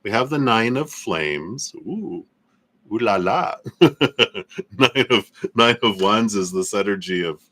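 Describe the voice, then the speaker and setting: A man hosting a live tarot reading, speaking in slow, soothing affirmations with soft laughs. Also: fairly low pitch, animated. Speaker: tarot reader.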